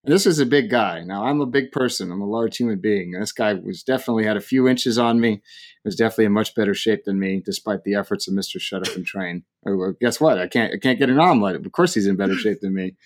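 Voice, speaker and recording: A man's voice: fairly low pitch, fast. Man telling a story with gusto. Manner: animated, acts out quoted people, laughs often. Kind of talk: casual storytelling.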